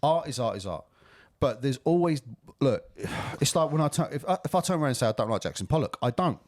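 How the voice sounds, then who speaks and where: A man's voice: medium pitch, animated, quick pace, dry recording. A man co-hosting a podcast, ranting and swearing in casual chat. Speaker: podcast co-host.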